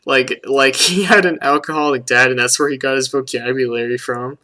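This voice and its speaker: A man's voice: medium pitch, steady tone, a little fast, bright, forceful tone. A young man co-hosting a podcast from home, rambling in loose casual chat and swearing often. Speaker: podcast co-host.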